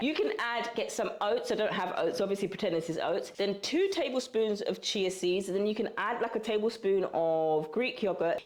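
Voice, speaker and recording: A woman from the UK talking casually to camera in a cooking vlog, chatty and animated, calling viewers girl and baby. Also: mid-range voice. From United Kingdom. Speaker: vlogger. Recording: roomy echo.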